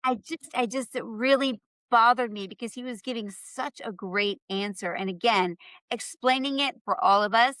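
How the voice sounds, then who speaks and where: A woman's voice: a little high, moderate pace, a bit bright, dry recording. A woman author, a guest on a political panel, sharing earnest opinions and thinking aloud. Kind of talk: casual political discussion.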